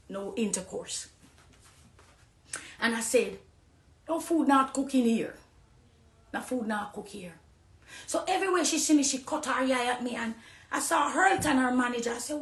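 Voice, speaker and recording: A woman's voice: a little high, vocal fry. Impassioned Jamaican woman, echoey room. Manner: pleading, swings from hushed to loud and emphatic. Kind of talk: impassioned testimony.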